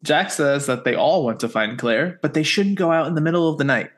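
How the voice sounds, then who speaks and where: A man's voice: fairly high pitch, a little fast. A man co-hosting a podcast, recapping a TV episode in casual chat with sarcastic asides. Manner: wry, sarcastic asides while summarizing.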